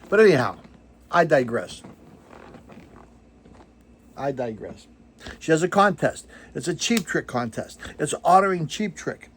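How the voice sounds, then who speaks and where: A man's voice: on the high side, sing-song, unhurried, long pauses, a bit bright, a little hiss or hum. An older man hosting a vinyl record channel, chatting casually to camera in a rambling, self-deprecating way, full of digressions and fillers.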